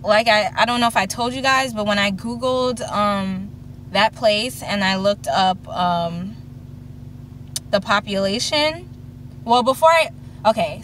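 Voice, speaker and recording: Vlogging from her parked car, a woman in her twenties chats her way through a long story, doing the voices of those involved. The mid-range voice carries a fairly bright tone, and a little hiss or hum is audible.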